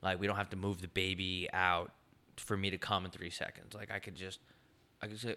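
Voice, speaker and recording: Bright-voiced young man, crude banter. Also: deep voice, little pitch movement, fairly quick. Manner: loose, crude, joking. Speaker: podcast co-host.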